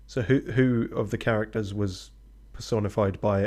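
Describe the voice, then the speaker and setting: On a live stream, a man with a fairly low, dark voice narrates his game in an offhand way, tossing in mumbled asides and an occasional swear. His intonation stays fairly even at a moderate pace.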